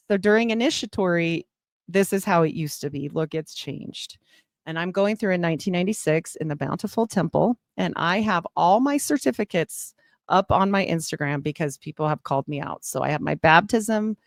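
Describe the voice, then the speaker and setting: A woman's voice: on the low side, no room sound, studio quality. A middle-aged woman giving a candid personal testimony in a chatty storytelling way, full of fillers. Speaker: guest sharing testimony.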